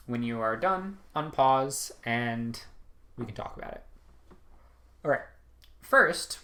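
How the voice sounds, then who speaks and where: A man's voice: mid-range voice, a bit bright. A young man teaching a recorded writing lesson, casual and loose, with frequent ums and "right?" checks. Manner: casual, many ums and rights, restarts mid-sentence. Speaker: test prep instructor.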